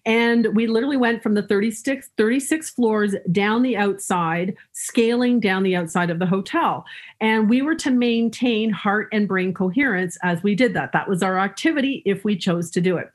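A woman's voice: mid-range voice, moderate pace. Upbeat woman telling stories with humor. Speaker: guest speaker. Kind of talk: storytelling in an interview.

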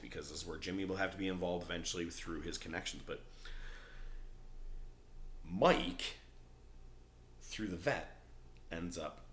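A man's voice: deep voice, a bit bright, a little hiss or hum. A male podcast host chatting casually, animatedly retelling scenes and acting out quoted lines. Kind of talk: casual chat recapping a TV show.

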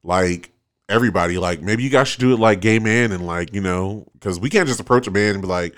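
A man hosts a casual podcast chat from a studio, agreeable and talkative. His voice sits a bit low, and he swears freely as he talks. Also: brisk. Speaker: podcast host.

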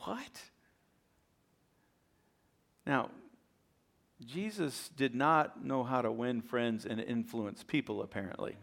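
A man preaching a sermon as a pastor, telling a story with animated, acted-out voices and repeated words when excited. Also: medium pitch, unhurried, gravelly.

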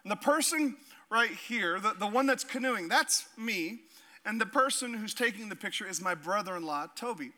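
A man from Alaska delivers a sermon with a high, strikingly bright and forceful voice. He tells stories with laughter and plays out the voices of the people in them. He sounds middle-aged. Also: moderate pace. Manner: animated, laughing storyteller acting out voices. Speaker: pastor.

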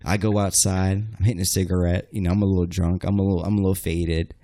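A man's voice: low voice, little pitch movement, quick pace, mellow, dry recording, clean studio sound. A young man on a casual podcast, telling a crude story with lots of swearing and acting out the quoted lines.

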